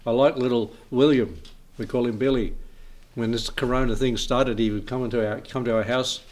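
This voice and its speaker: A man's voice: mid-range voice, moderate pace. A man preaching an informal sermon, reading scripture and telling homely stories with frequent chuckles. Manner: chuckles often, relaxed storytelling.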